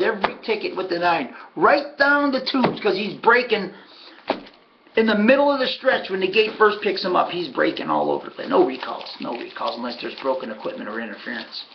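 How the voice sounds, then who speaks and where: A man's voice: high-pitched, expressive, fairly quick, dull audio, noisy background. A man giving a casual, folksy recap of his race picks, sardonic and talking to himself about his bets. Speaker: harness racing handicapper.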